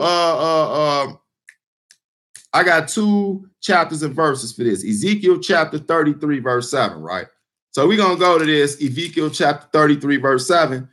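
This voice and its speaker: A street preacher with a mid-range, fairly bright voice gives an informal scripture teaching. He's blunt and emphatic, talking loosely with plenty of fillers and repeated words.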